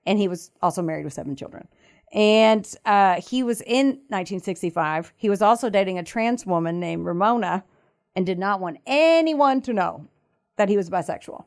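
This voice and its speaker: A woman co-hosting a podcast, casually retelling a true-crime story with lively acted-out quotes and frequent laughter. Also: medium pitch, moderate pace. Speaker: podcast co-host.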